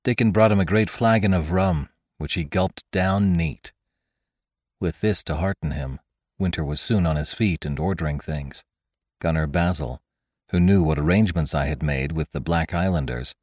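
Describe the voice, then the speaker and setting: A male narrator reads an adventure tale in a steady, measured way. His voice sits very low. The recording is dry and close, with no room sound. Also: no room sound. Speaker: podcast narrator. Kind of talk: audiobook narration of an adventure story.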